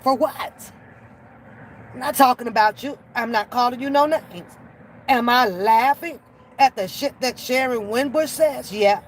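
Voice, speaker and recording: Unhurried and a little high-pitched, this woman rants on her reaction channel in blunt, profane, exasperated commentary. It's unscripted, recorded with poor audio and faint background noise.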